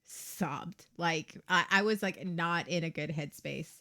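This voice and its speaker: A woman's voice: lowish voice, slow pace, bright, forceful tone. A woman hosting her own livestream, talking candidly, laughing often and swearing freely. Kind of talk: casual livestream chat.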